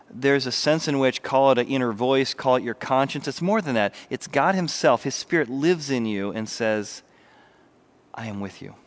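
Male pastor, mid-pitched, energetic sermon delivery with hushed intimate moments. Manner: animated preaching, drops to soft intimate voice.

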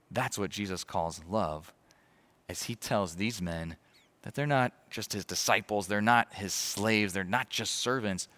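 Lively, bright-voiced male pastor. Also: fairly low pitch, normal speed. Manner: animated, conversational storytelling with asides. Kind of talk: verse-by-verse sermon.

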